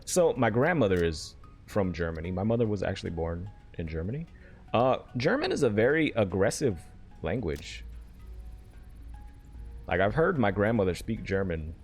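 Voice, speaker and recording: A man's voice: fairly low pitch, big pitch swings, moderate pace, long pauses, breathy edge, soft background music. A man streaming a video game, rambling and joking casually with his viewers. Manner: rambling, jokey, chats with viewers. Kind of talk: casual chat while playing a game.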